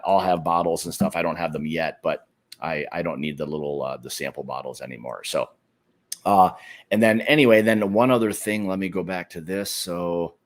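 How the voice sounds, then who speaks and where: Easygoing male livestream host, low voice, loose casual delivery with lots of fillers. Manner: easygoing, greets viewers by name, many fillers. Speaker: whiskey club livestream host.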